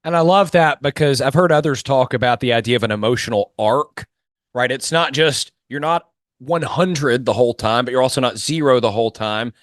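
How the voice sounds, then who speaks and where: A man's voice: medium pitch, brisk, no echo, studio quality. A man hosting a podcast interview who coaches mock trial and asks thoughtful, long framing questions. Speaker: podcast host.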